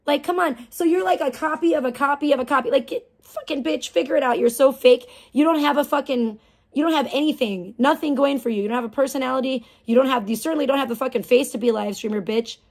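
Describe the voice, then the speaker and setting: A woman's voice: high-pitched, quick pace, creaky, a little mellow. Foul-mouthed woman streamer ranting scornfully. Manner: profane, scornful, mocking. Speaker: live streamer. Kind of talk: angry ranting live stream.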